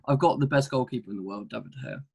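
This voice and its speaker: A man's voice: mid-range voice, quick pace, gravelly, a little mellow, slight background noise. A young man leading a casual football chat, playful and teasing, laughing often. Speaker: co-host.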